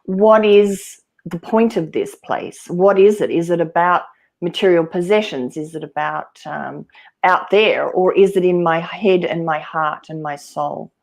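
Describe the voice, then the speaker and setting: A woman giving a live tarot reading, offering calm, earnest spiritual guidance. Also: on the low side, a little slow, vocal fry. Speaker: tarot reader.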